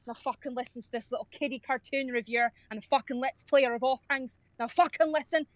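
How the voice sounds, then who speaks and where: A woman's voice: sits high, quick pace, no echo, natural voice. A woman voicing a brash, foul-mouthed Scottish woman Pokemon trainer with a crude, taunting, sing-song delivery. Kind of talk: podcast bit.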